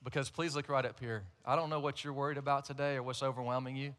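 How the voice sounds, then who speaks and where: A man's voice: mid-range voice, steady tone, fast, fairly bright tone. A man, a pastor, preaching a sermon to a large church congregation, telling a personal story in a conversational way with light humor.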